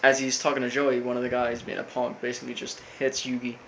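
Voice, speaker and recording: Flat-voiced man rambling through a recap. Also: medium pitch, quick pace, vocal fry, a little hiss or hum, low-quality recording. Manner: rambling, full of fillers, quotes characters flatly. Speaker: recap host. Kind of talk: casual episode recap.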